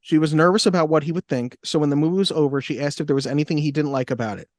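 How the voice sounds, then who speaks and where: A man co-hosting a casual podcast, reading out trivia and cracking dry jokes between the facts. His voice sits a little high for a man. The recording is close and dry. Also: very fast, no echo. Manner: dry jokey asides. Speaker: podcast co-host.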